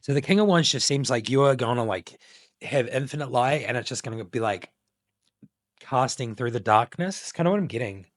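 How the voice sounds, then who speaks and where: A man's voice: mid-range voice, animated, a little fast, dry recording, studio quality. A man giving a casual collective tarot reading to his channel viewers, musing loosely with many filler words. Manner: meandering, many filler likes, intuitive musing. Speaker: tarot reader.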